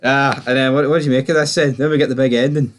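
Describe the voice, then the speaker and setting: A man's voice: mid-range voice, steady tone, racing, raised voice. A man co-hosting a casual TV episode review, swearing freely and acting out characters' lines as he recaps. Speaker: podcast co-host.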